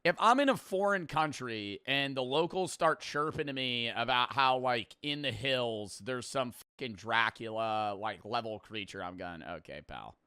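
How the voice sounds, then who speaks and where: A young man streaming, giving excitable, profane, rambling commentary as he reacts to a video. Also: mid-range voice, measured pace, hardly any pauses, clean tone, dry recording.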